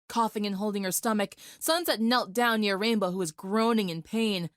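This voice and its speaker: A woman narrating a dramatic fan fiction story in a steady, vivid storytelling voice. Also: mid-range voice, moderate pace, dry recording, studio quality.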